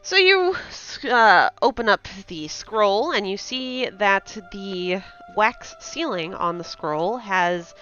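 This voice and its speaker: A woman narrating a tabletop game as game master, pausing often with fillers. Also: mid-range voice, animated, a bit bright, clear, resonant tone, faint music behind. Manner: hesitant with many fillers. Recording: dull lo-fi sound.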